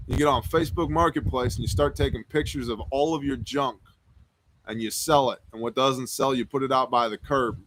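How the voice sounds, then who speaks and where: A man's voice: medium pitch, steady tone, brisk, fairly bright tone, no room sound. A man hosting a live stream Q&A, reading viewer questions aloud and answering them in a casual, joking, rambling way. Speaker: host.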